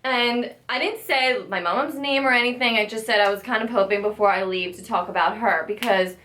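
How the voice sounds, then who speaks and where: A woman's voice: on the high side, brisk, fairly bright tone, slight background noise. A young woman recounting a story to a friend in casual chat, rambling with lots of "like". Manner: rambling, lots of filler likes. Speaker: guest friend.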